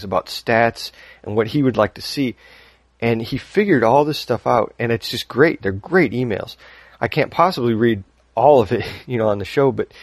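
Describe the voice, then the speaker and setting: A man's voice: mid-range voice, no room sound. A man hosting a podcast, talking casually and rambling a little, laughing often as he reads listener email. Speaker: podcast host.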